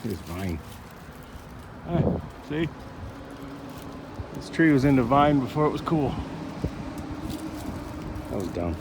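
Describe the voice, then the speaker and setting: In this outdoor vlog, a man in his forties chats casually while strolling a windy lakeside and later in a parked car, teasing himself and wandering into small asides. He has a medium-pitched, expressive voice, speaks unhurriedly and pauses often, with wind and traffic audible in the background.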